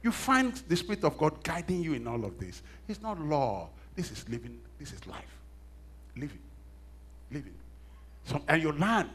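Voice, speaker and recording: Husky-voiced man preaching a sermon. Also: fairly high pitch, very animated, moderate pace, hardly any pauses. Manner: storytelling with self-mocking laughs, swings from hushed asides to loud emphatic bursts. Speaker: pastor.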